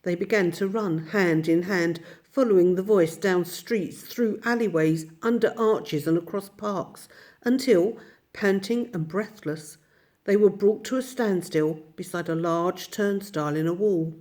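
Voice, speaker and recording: A woman reading a children's story aloud as narrator, steady and expressive. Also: fairly low pitch, unhurried. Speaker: audiobook narrator.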